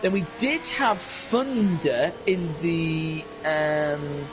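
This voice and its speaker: A man's voice: on the high side, drawn-out words, music in the background, low-quality recording. A young man casually chatting on a live stream while playing a racing game, rambling and answering viewers in chat. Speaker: racing league streamer and commentator.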